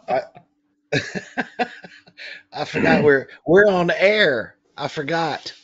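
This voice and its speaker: A man's voice: a little high, lively intonation, extremely slow, pauses often, slightly rough. A man with a cold, losing his voice, talking on a large diaphragm mic. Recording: dull lo-fi audio with hum.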